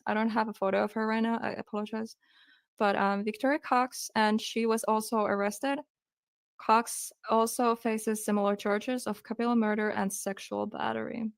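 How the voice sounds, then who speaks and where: A woman's voice: medium pitch, creaky, no room sound, clean studio sound. A woman hosting a true crime live stream, telling the case hesitantly and apologizing while holding back tears.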